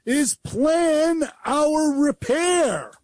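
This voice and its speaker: An older man co-hosting a radio show, telling a repair story in a lively, chatty way with mouth sound effects. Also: very high-pitched, drawn-out words, no echo. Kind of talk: casual radio chat.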